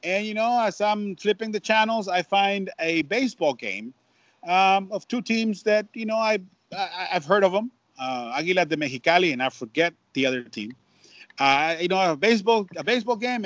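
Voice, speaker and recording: Animated high-voiced man telling a story. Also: moderate pace, dry recording, lo-fi sound. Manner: animated, repeats words, mixes in Spanish phrases. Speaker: baseball broadcaster, guest. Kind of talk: storytelling in an interview. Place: at home.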